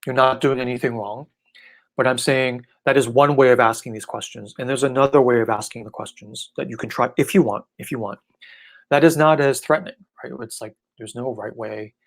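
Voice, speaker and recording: Man, spiritual teacher, easygoing irreverent Q&A voice, mid pitch, keeps asking "right?". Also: a little fast, vocal fry. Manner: relaxed, irreverent, often asks "right?". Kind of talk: casual live online Q&A.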